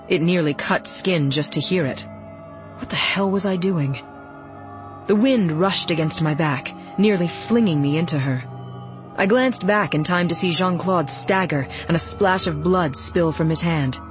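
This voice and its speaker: A woman reading a first-person novel aloud in a steady, even storytelling voice. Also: sits low. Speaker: audiobook narrator.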